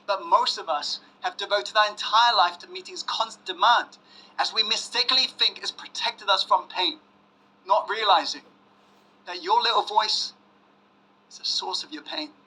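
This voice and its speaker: A man giving a motivational self-help masterclass, pressing the audience with questions and dropping to hushed emphasis. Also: sits high, moderate pace, slightly rough, rough recording. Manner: emphatic, asks audience to say yes, swings loud and hushed. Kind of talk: motivational webinar talk.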